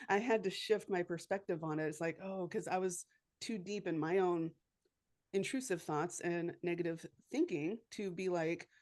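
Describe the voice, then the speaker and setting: Brief: woman podcast host, slightly low voice, relaxed and reflective. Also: moderate pace. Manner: reflective, easygoing, laughs readily. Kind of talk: casual podcast conversation.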